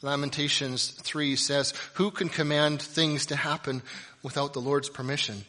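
A male pastor delivering a sermon, swinging between loud, emphatic passages and quiet, reflective ones. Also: fairly high pitch, steady tone, unhurried, long reverb tail.

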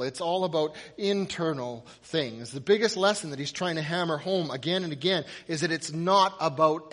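A man's voice: sits high, a bit bright, long reverb tail. A man preaching a sermon, earnest and emphatic, telling stories and repeating key points. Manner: earnest, emphatic storytelling with repetition.

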